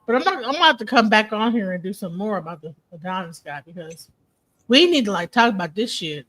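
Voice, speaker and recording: A woman's voice: mid-range voice, lively intonation, fast, fairly bright tone. A young woman hosting a casual live-stream chat, rambling and joking with plenty of profanity. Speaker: host.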